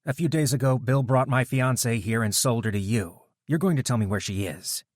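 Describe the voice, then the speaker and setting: In clean, echo-free studio sound, a man narrating an audiobook voices a determined young man searching for his kidnapped fiancée. His mid-range voice moves a little fast and is pitched somewhat above his natural one, though still near an everyday voice. He questions the captors in a cold, commanding, relentless way.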